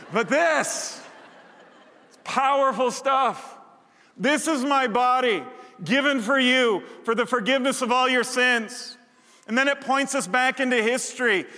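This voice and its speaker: A man's voice: very high-pitched, pushed and bright. A man preaching a sermon as pastor, talking in a conversational way that builds to fervent emphasis. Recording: long hall reverb.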